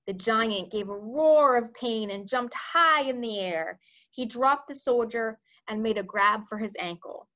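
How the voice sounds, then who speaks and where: A woman with a fairly high voice reads a children's book aloud for a library, telling it in a lively way and pausing for asides to listeners. The recording sounds dull and lo-fi. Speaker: library read-aloud reader.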